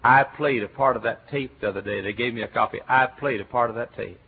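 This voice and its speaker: A middle-aged man from Texas with a Texan accent, preaching a sermon as a pastor, telling stories and breaking into shouts. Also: medium pitch, fast talker, slight background noise. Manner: animated storytelling, bursts into shouts and chants. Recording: tinny phone-like recording.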